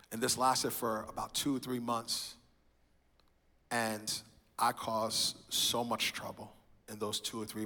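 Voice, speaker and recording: A man stands in a church and gives his personal testimony in sermon style. He tells the story with animation, slipping into the voices of the people he quotes. His voice is bright and forward, and it rings with the long reverb of a large hall. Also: mid-range voice. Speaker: speaker sharing his testimony.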